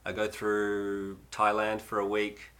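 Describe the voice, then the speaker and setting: Man, Australian accent, thirties, low voice, bright tone, rambling livestream chat. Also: monotone, slow pace. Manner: rambling and chatty, with many fillers. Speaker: livestream host.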